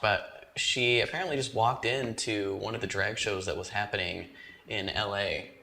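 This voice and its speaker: A young man co-hosting a casual chat show, wry and relaxed, laughing easily. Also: lowish voice, moderate pace, vocal fry. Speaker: co-host.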